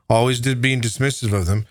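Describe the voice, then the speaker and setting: A man's voice: medium pitch, fairly bright tone, no echo, studio quality. Profane, heated man ranting. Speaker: political commentator. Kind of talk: angry political rant.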